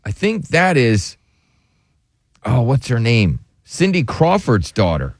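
A man's voice: medium pitch, wildly swooping pitch, slow, no echo, clean studio sound. A man hosting a radio show, chatting casually with a co-host and laughing often. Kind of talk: casual morning show banter.

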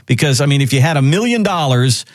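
A man hosting a radio talk show, chatting in a lively, conversational way. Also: medium pitch, quick pace, dry recording, studio quality.

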